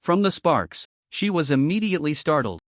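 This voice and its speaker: A man narrating a fantasy story recap in a lively, dramatic scripted reading. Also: on the high side, normal speed, no room sound, studio quality.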